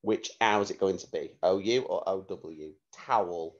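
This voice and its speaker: A man teaching a phonics lesson to young children, spelling words out letter by letter in a clear, slow dictation manner. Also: low voice, lo-fi sound. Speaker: primary school teacher.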